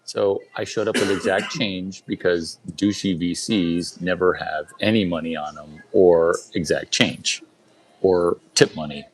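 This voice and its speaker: A man telling a casual story to a group in quick bursts, repeating lines and firing rhetorical questions at his listeners. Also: low-pitched, a little hiss or hum, low-quality recording.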